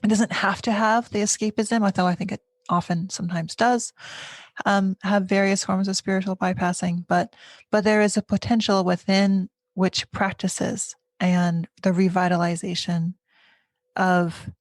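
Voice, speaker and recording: A woman hosting a podcast, speaking in a thoughtful, searching way with many pauses and restarts. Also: mid-range voice, little pitch movement, no room sound. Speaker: podcast host. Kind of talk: reflective conversation.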